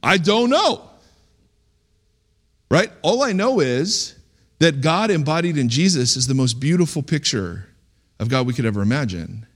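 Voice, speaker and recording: Animated man preaching a sermon. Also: mid-range voice, moderate pace. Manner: animated, conversational preaching with sudden loud outbursts. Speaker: pastor.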